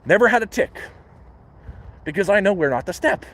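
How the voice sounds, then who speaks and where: A man's voice: sits high, lively intonation, normal speed, a bit bright. A man hosting a casual live stream outdoors in the woods, giving frank, profane advice, talking into a phone as he walks around his camp. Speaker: livestream host living outdoors.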